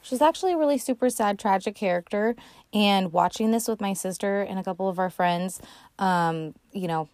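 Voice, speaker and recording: A woman's voice: medium pitch, moderate pace, a little mellow. A woman hosting a podcast, casually recapping a movie in a chatty, sarcastic way with lots of swearing and fillers. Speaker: podcast host.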